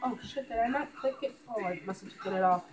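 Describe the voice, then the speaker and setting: A sick woman with a nasal, stuffed-up voice, pitched a bit high, talking casually to her vlog audience. She rambles and corrects herself as she goes. She runs short of breath when she talks for long. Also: fast talker, over music. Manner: chatty, rambling, self-correcting. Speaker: YouTube vlogger. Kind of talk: casual vlog intro to camera.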